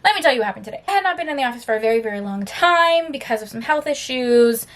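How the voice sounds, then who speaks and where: A young adult woman chatting casually as a book vlogger, tired but animated, telling stories with sassy, emphatic asides. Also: a little high, racing.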